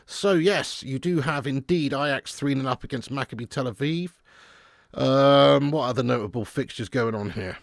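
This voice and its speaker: A man streaming a live football watch-along, reading viewer comments casually, then swearing and shouting at the match as it unfolds. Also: mid-range voice, moderate pace, no echo, clean studio sound.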